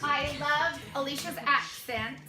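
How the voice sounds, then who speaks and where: A woman directing a youth theater show, talking casually to her cast with warm praise, much laughter and many fillers. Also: high voice, measured pace. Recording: echoey room, noisy.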